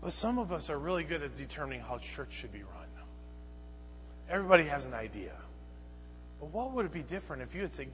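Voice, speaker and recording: High-voiced pastor preaching in a hall. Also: male voice, very animated, fast, long pauses, slight background noise. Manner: preaching with dramatic swings from loud to hushed. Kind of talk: sermon.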